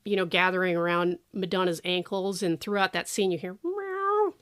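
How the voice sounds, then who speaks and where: A woman's voice: on the low side, flat delivery, a little fast, a bit bright, smooth. Woman co-host, casual podcast banter, sarcastic, filler-heavy delivery. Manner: chatty, sarcastic, lots of fillers. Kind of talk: casual movie-review chat.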